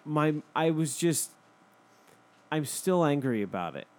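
A young man hosting a podcast, telling stories in a profane, animated casual chat. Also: on the high side, measured pace. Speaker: podcast host.

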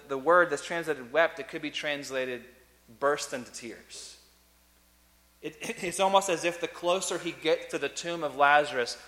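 A man preaching a sermon as a pastor, earnest, swinging between loud emphasis and soft, quiet lines. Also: on the high side. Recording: long reverb of a large hall.

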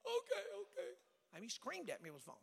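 A male evangelist preaching a revival sermon with folksy asides, swinging between fiery shouts and hushed, near-whispered passages. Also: a little high, wildly swooping pitch, racing, creaky, slightly rough. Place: church sanctuary. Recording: long hall reverb with faint music.

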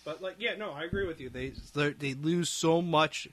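A man's voice: fairly high pitch, moderate pace, fairly bright tone. A man co-hosting a casual podcast, joking and hesitant with fillers. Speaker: podcast co-host.

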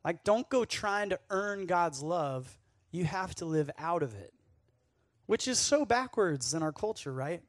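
Young male youth speaker, high-ish and dry, sweaty and worked up, chatty sermon full of asides. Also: unhurried, no room sound. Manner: energetic, jokey storytelling with asides to the audience.

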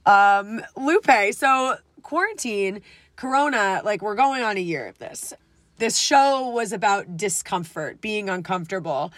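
A woman's voice: mid-range voice, lively intonation, a little slow, fairly bright tone, dry recording. A woman hosting a podcast, chatting casually with a guest, laughing often and gushing with enthusiasm. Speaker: podcast host. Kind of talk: casual interview chat.

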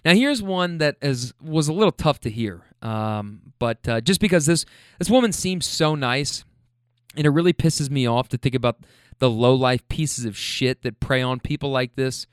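Speaking at a normal speed, a man with a mid-range, clean-toned voice jokes about the passengers he's had as a rideshare driver, laughing and swearing freely. The studio-quality audio has no room sound. It's animated, casual storytelling.

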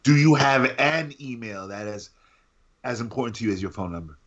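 A man's voice: mid-range voice, lively intonation, brisk, a bit bright. A man co-hosting a podcast in casual chat, asking curious questions. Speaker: podcast co-host. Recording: dull lo-fi sound.

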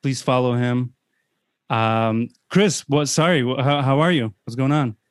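A man's voice: mid-range voice, measured pace, clean tone, no room sound, clean studio sound. A man hosting a sports podcast, talking in a casual, rambling way with many restarts. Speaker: podcast host. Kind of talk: casual chat.

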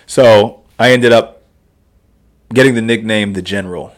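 Laughing, animated man telling stories. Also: fairly low pitch, measured pace. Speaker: podcast guest. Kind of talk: casual storytelling.

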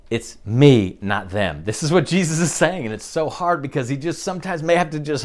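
A man preaching in a lively, animated voice that swings up and down in pitch. He talks conversationally, stopping often to check in with his listeners. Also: fairly quick, few pauses. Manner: conversational preaching, frequent "okay?" check-ins. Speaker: pastor. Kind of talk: sermon.

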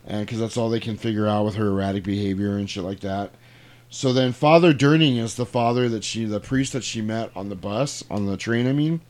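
A podcast co-host with a mid-range, slightly mellow voice loosely recaps a film's plot. His storytelling is casual and profane, sprinkled with laughs.

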